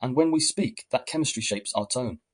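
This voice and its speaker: A man giving calm, measured scripted narration in a reflective tone. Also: mid-range voice, husky. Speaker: podcast narrator.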